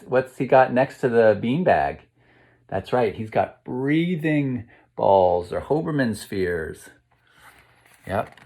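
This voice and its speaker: Slow-paced man reading a children's book aloud, gentle and questioning, leading kids through breaths. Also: low-pitched, gravelly. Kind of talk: interactive read-aloud for kids.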